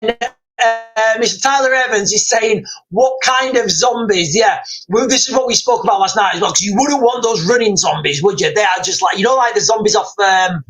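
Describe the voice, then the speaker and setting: A man hosting a livestream, chatting casually and reading out viewer comments in a rambling, excitable way with lots of repeats and fillers. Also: high-pitched, fairly quick, rough recording. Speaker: livestream host.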